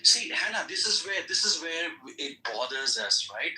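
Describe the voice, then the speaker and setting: A man's voice: a little high, sing-song, moderate pace, bright, forceful tone. A man in a heated online debate who tries to reason with the others and keeps saying "hang on". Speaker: debate participant. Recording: distant, echoey sound.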